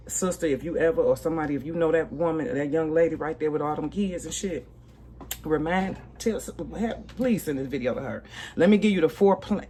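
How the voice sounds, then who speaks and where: A woman in her forties giving a blunt, profane livestream commentary rant, emphatic, with loud bursts and low asides. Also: slight background noise. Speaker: livestream host.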